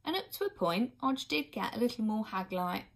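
A woman reading a children's book aloud expressively, now and then pausing for an aside to her listeners. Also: a little high, very animated, gravelly. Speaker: reader.

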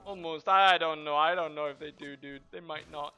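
A man streaming a game with casual, profane commentary, trash-talking and shouting during fights. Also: a little high, fairly even intonation, clean tone, dull audio, soft background music. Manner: brash, profane, quick to trash-talk. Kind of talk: live gameplay commentary.

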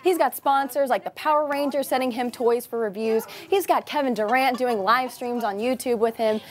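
A woman's voice: on the high side, moderate pace. Wry, teasing woman news anchor. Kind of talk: light news segment. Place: TV studio anchor desk.

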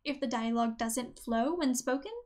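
A woman hosting a writing-advice podcast, reading a script in a clear, measured way. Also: fairly high pitch, a little mellow. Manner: clear, measured delivery, reading examples aloud. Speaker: podcast host.

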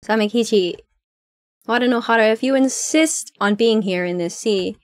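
A woman's voice: a little high, normal speed, no room sound, studio quality, natural voice. A woman voicing a hostile, grudging male shark from a game, with curt, threatening lines.

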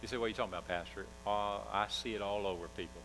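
A man's voice: fairly low pitch, fairly even intonation, rapid-fire, fairly bright tone, slight background noise, rough recording. A male pastor preaching a sermon, emphatic, asking the congregation call-and-response questions.

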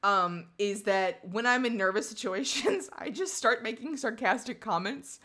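A woman co-hosting a casual chat, telling an animated story with frequent laughter and sarcastic asides. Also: on the high side, normal speed. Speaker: podcast co-host.

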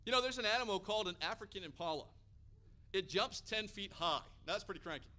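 An American man preaching a sermon, energetic and building to loud, emphatic peaks. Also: high voice, fast talker.

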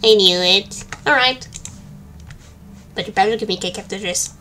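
A woman's voice: mid-range voice, moderate pace, pushed and bright. A woman streaming a game with casual, joking commentary and flustered muttering. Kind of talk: casual let's-play commentary.

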